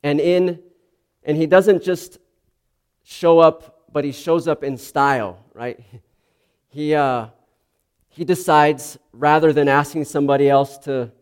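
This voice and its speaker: A man with a smooth, somewhat high voice preaches an earnest, explanatory sermon. He speaks slowly, frequently restarting sentences and saying "um."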